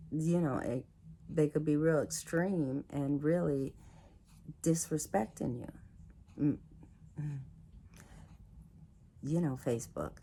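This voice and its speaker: A woman's voice: deep voice, creaky, mellow, a little hiss or hum. A woman talking casually and reflectively to her viewers, laughing often and acting out what other people said to her. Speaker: video host.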